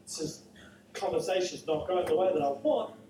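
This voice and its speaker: A male pastor preaching a sermon, telling a personal story in an animated, emphatic way. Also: a little high, moderate pace, a little hiss or hum. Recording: echoey, distant live church recording with music.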